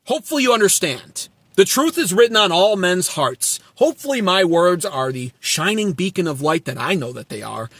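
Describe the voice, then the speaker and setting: A man's voice: sits high, fairly bright tone, no echo. A man hosting his own channel, giving blunt, sarcastic political commentary full of swearing and answering viewers' chat. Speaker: channel host.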